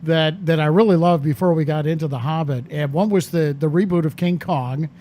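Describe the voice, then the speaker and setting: A man's voice: a little high, a little fast, mellow, slight background noise. A man hosting an interview, asking questions with enthusiastic, gushing praise. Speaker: interviewer host.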